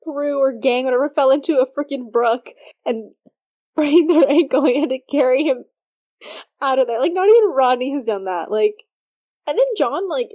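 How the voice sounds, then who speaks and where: A woman with a fairly high but mellow, dark-toned voice, chatting casually as a podcast co-host. She laughs often and strings her thoughts together with many fillers. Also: normal speed. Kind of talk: casual fan podcast chat.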